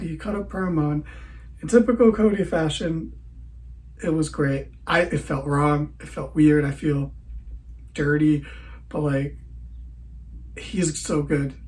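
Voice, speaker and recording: A man's voice: on the high side, a little mellow, poor audio. A tired man hosting a podcast, giving a rambling, sarcastic recap of a wrestling show. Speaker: podcast host.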